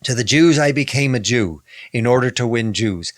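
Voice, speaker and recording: A man's voice: mid-range voice, expressive, moderate pace, no room sound, clean studio sound. A man, a rabbi, in a podcast discussion, speaking emphatically, repeating key phrases and reading scripture aloud.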